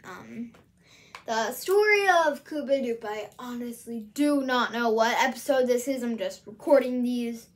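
Speaking a little slowly in a somewhat high voice, this Midwestern American woman runs her own casual vlog. Her talk wanders and hesitates, thick with filler words.

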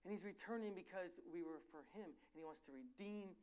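High-voiced man preaching a sermon. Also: a little fast. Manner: animated, self-correcting storyteller. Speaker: pastor. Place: church.

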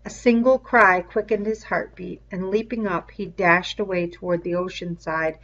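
A woman reading a novel aloud in a measured storytelling manner, with the cries in the story voiced aloud. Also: lowish voice, steady tone, fairly bright tone. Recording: dull lo-fi recording.

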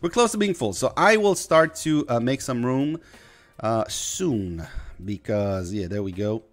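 A man's voice: medium pitch, animated, measured pace. A man streaming a mobile game, chatting casually with viewers and welcoming them as he plays. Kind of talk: casual live-stream chat.

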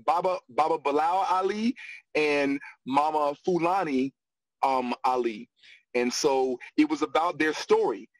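A man's voice: fairly high pitch, no echo, poor audio. A middle-aged man telling a personal story with energy, repeating words as he gathers his thoughts. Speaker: guest on a discussion panel.

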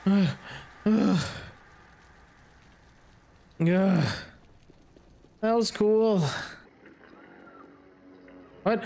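Excitable man groaning through a game. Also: sits high, slow, long pauses, slight background noise. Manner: excitable, yelps and groans, swears, mock-dramatic asides. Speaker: gaming YouTuber. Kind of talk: let's play commentary.

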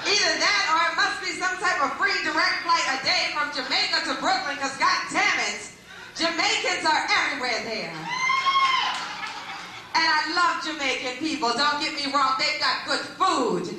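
Brassy high-voiced woman doing stand-up. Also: moderate pace. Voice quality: brash, crowd-working, salty. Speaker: stand-up comedian. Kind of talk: live stand-up comedy. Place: live venue with an audience. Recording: echoey live venue, noisy.

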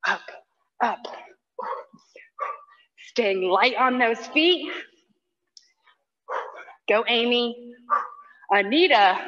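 A woman's voice: on the high side, lively intonation, very slow, long pauses, a bit bright, long reverb tail. A woman fitness instructor coaching a live workout with short cues, countdowns and cheers for people by name, breathing hard as she exercises along. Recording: dull lo-fi online class audio.

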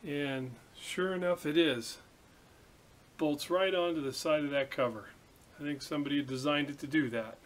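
A man hosting a workshop video, chatting casually and telling a story in a relaxed, rambling way. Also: on the high side, normal speed. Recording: echoey room from a distance, hiss.

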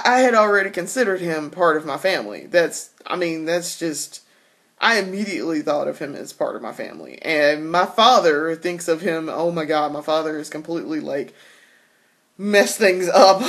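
A woman talking candidly in a casual personal vlog, laughing often and restarting her sentences. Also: lowish voice. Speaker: vlogger.

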